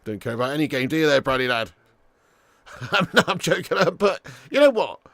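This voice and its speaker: A man's voice: on the high side, big pitch swings, moderate pace, fairly bright tone, no room sound. Chatty man hosting a football watch-along. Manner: casual and chatty, swears, calls viewers lad. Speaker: streamer and watch-along host. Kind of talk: live football watch-along commentary, reading chat.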